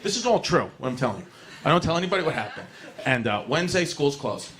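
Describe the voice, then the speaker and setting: A man from New doing a stand-up set, telling a profane story and shouting his punchlines. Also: on the high side, big pitch swings, fast talker. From New York. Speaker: stand-up comedian. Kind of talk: stand-up routine. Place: comedy club stage. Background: audience laughter.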